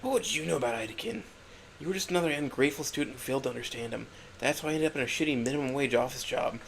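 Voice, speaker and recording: A man's voice: mid-range voice, animated, racing, vocal fry, slight background noise. A man voicing a cold, scornful young woman with claws, in a contemptuous, dismissive tone in an audio story.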